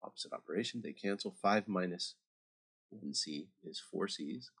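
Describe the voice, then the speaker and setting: A man's voice: deep voice, animated, moderate pace, a bit bright, slightly rough. A man teaching math over a screen recording, chatty and talking straight to his students with little asides.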